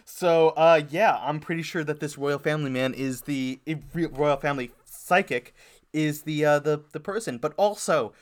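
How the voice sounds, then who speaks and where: A young man co-hosting a podcast in casual, joking chat, sarcastic and quick to laugh, trailing off into fillers. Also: a little high. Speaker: podcast co-host.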